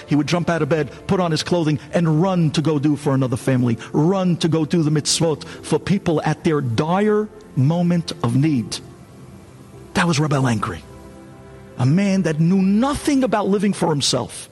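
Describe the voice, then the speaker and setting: A man, a rabbi, giving a sermon in an animated, dramatic storytelling way. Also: high voice, moderate pace, soft background music.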